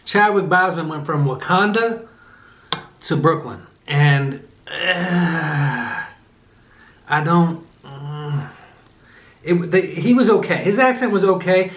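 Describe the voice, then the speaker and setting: A man's voice: fairly high pitch, lively intonation, slow, fairly bright tone. A man vlogging a casual movie review while eating, rambling with many fillers and self-corrections. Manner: eating between remarks. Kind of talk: casual chat. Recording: echoey room.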